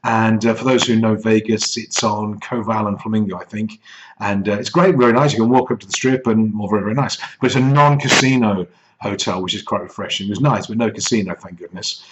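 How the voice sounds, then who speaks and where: A man's voice: fairly low pitch, a little fast. A middle-aged English man telling a rambling, self-deprecating anecdote as a business coach. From England. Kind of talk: casual anecdote. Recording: slightly dull lo-fi audio with faint noise.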